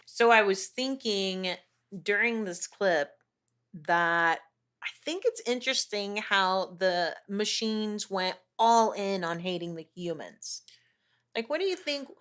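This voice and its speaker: A woman co-hosting a movie podcast, talking in an animated way, swearing freely and quick to laugh. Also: medium pitch, clean tone. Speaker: podcast co-host. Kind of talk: casual chat.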